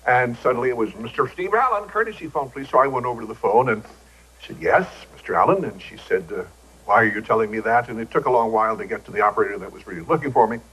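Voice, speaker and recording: A man's voice: lowish voice, fast talker, a bit bright, slightly rough, poor audio. An older man, a talk show guest, telling wry joking anecdotes and acting out the voices he quotes, on old broadcast TV audio.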